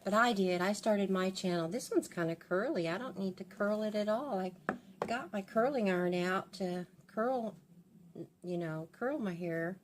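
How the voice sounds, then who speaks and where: A woman's voice: medium pitch, moderate pace. Older female beauty vlogger, rambling and confessional as she styles her hair, faint noise behind. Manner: rambling and confiding, with many restarts. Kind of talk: casual chat while doing her hair.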